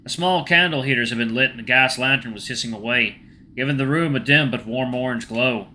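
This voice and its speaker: A man hosting a gaming channel, reading a game's first-person story aloud in a hushed, tense way. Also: mid-range voice, a little fast, a little hiss or hum.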